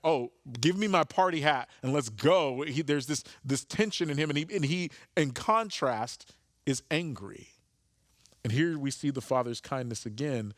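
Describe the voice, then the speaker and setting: A man's voice: medium pitch, no echo, clean studio sound. A man preaching a sermon as pastor, earnest, often repeating words as he searches for a phrase.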